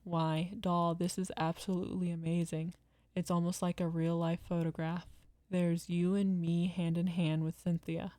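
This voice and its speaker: A woman voicing a gentle doting father. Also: lowish voice, level tone, normal speed, no echo, close to an everyday voice. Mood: fond. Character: gentle doting father, middle-aged man.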